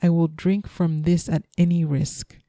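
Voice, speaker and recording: A stubborn young boy pleads insistently in a dark, mellow tone, read by a woman. The storybook voice sounds close and dry. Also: lowish voice, little pitch movement, measured pace, no room sound, lightly acted. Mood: desperate.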